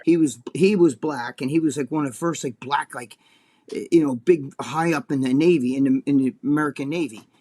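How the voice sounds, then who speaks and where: A man's voice: on the high side, brisk, dark tone. A man co-hosting a casual chat show, telling a long, rambling story full of swearing. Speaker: co-host.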